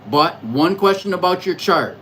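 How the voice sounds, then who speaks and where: A man hosting a casual livestream, rambling and reflective, stammering through restarts as he talks loudly and excitedly to his viewers in chat. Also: sits high, moderate pace, slight background noise, poor audio. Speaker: livestream host reading astrology charts.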